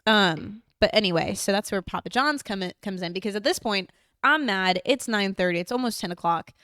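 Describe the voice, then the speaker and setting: A woman co-hosting a podcast, telling a story in a casual, animated way and quoting what people said. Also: mid-range voice, brisk, no echo, clean studio sound. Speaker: podcast co-host. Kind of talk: casual chat.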